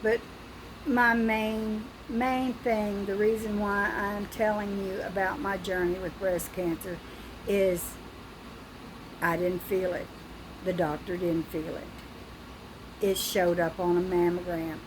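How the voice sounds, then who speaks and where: An older woman talking through a personal video diary, frightened and halting, with pauses and restarts. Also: mid-range voice, flat delivery, background noise. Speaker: vlogger.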